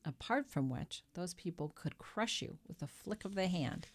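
A woman's voice: fairly low pitch, animated, moderate pace. A woman voicing a grim, fearful innkeeper's wife who mutters darkly.

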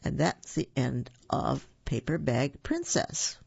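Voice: medium pitch, sing-song, slow pace, vocal fry, darkish tone, husky, dry recording, highs cut off. A storyteller reading children's stories aloud and explaining the lesson afterwards.

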